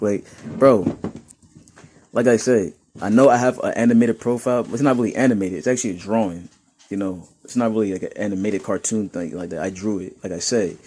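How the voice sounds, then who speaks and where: A man's voice: mid-range voice, husky. A young man from New York reading and mocking comments in a casual, laughing commentary. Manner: laughing, mocking, animated rants.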